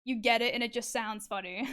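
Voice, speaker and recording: A woman's voice: on the high side, a little fast, sharp tone, clear, resonant tone. Chatty woman streamer. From Canada. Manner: chatty, filler-heavy, swears, laughs often. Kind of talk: casual chat while drawing on stream.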